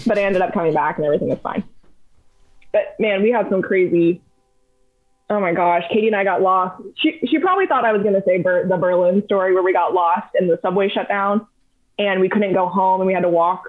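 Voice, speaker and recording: A young woman spins lively stories as a podcast guest. She talks casually, throwing in plenty of fillers. Her voice sounds thin and narrow, as if heard over a phone. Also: medium pitch, fairly quick. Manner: animated, chatty, many fillers. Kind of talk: casual storytelling chat.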